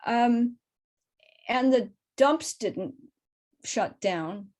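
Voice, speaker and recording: A woman's voice: fairly high pitch, drawn-out words, a little mellow. A middle-aged woman, a crow researcher, answering audience questions after her talk over a video call in a thoughtful, explanatory way. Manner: thoughtful, explanatory, careful not to oversimplify. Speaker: crow researcher and guest speaker.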